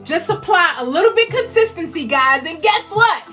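A woman in her fifties from the United States, a motivational speaker giving a loud, exhorting live-stream talk that keeps repeating rallying phrases. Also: extremely high pitch, animated, moderate pace, recorded from a distance, soft background music. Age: 50s.

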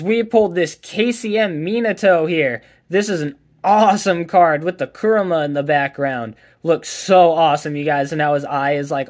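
A man hosting a card pack opening, chatting casually and calling out each card as he pulls it. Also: on the high side. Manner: upbeat, chatty, calls out each card as pulled. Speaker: card collector and channel host.

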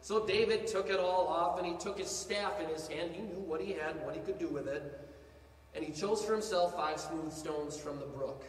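A high-pitched male pastor preaches with animated swings from hushed to loud. He sounds distant from the mic, his voice ringing through a long-reverb hall over a faint hum of room ambience. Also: normal speed. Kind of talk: sermon.

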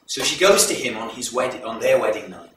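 Bright-voiced man retelling a folk tale. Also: mid-range voice, lively intonation, slight background noise. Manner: measured, explanatory retelling. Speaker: presenter introducing a folk performance. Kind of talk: live storytelling to an audience. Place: live event hall. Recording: echoey hall recorded from far off.

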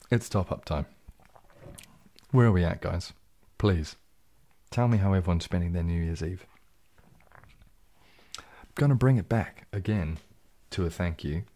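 A man hosting a relaxed, jokey live stream, reading out and answering viewer comments, a little tipsy from champagne and sometimes dropping into a whisper. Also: low-pitched. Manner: laid-back and jokey, drifting into soft whispers. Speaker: ASMR channel host.

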